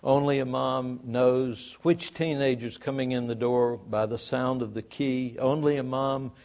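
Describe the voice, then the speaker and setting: A male pastor reads scripture and leads prayer in a sermon. His voice is gravelly at a middle pitch. He reads expressively, and his phrase ends sink quietly away. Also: steady tone, a little slow.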